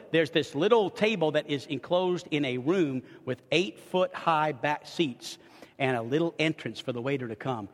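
A man's voice: on the high side, in a large hall. A middle-aged man preaching as a pastor, telling a story animatedly and often restarting and repeating his words. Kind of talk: storytelling sermon. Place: church sanctuary.

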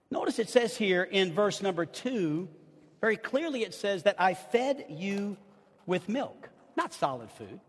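A middle-aged man preaching a sermon as pastor, impassioned, swinging between loud outbursts and hushed asides, with stammered restarts. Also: sits high, big pitch swings, moderate pace, breathy edge. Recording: long hall reverb.

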